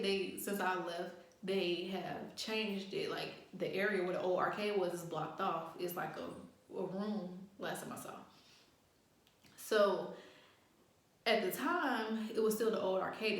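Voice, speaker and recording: Animated swearing young woman, echoey room. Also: on the low side, measured pace. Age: young adult. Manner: animated, profane, acts out quotes. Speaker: vlogger. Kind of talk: casual storytime chat.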